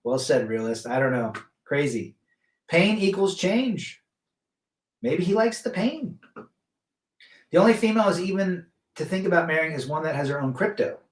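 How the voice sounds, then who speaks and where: A man's voice: fairly high pitch, animated, moderate pace, long pauses, echoey room. Rambling man hosting a live stream. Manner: rambling, many restarts, reads chat aloud. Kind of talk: casual live stream chat, reading comments.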